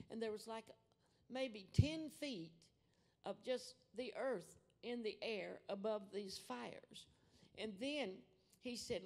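An older woman preaching a fervent testimony sermon, calling her listeners sweetheart and babies and dropping at times to a hush. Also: a little high, gravelly. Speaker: guest preacher.

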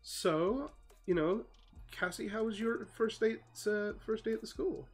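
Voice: medium pitch, unhurried, husky, soft background music, voice pushed up. A game master voicing a chatty, reassuring suburban mother of a teenage girl in a tabletop role-play. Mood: soothing.

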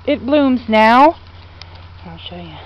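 A woman's voice: on the high side, animated, slow pace, lo-fi sound. A woman giving a casual tour of her outdoor garden, chatting to viewers and gushing over her plants as she wanders. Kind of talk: casual meandering garden walk-through.

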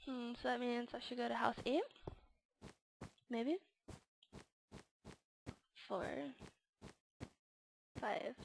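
High, gravelly-voiced woman muttering through a game. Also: flat delivery, very slow, pauses often, a little hiss or hum, rough recording. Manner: quiet, muttering to herself, reads in-game signs aloud. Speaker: gamer playing a custom adventure map. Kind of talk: casual let's-play commentary.

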